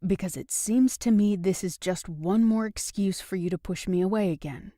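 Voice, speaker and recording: A woman's voice: mid-range voice, moderate pace, no room sound, clean studio sound, lightly acted. A woman voicing a patient but frank young man in an audiobook. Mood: blunt. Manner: calm but blunt. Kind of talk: audiobook dialogue reading.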